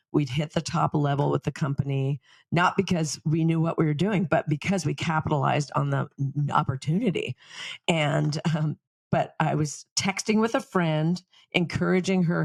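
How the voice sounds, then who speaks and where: A middle-aged woman co-hosting a podcast, telling stories in a lively, chatty way and laughing often. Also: sits low, normal speed, vocal fry, dry recording. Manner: animated storytelling, laughs often. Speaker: podcast co-host. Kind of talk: casual chat.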